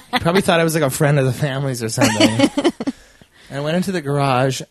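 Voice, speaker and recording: A man's voice: on the high side, animated, fairly quick. A man telling a story in casual chat, laughing and acting out the people he quotes.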